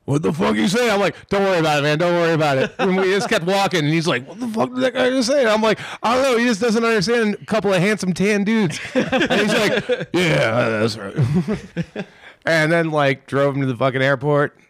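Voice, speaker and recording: A man co-hosting a podcast, telling a profane, animated story with quick impressions of others. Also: high voice, vocal fry, dry recording, studio quality. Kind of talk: casual storytelling chat.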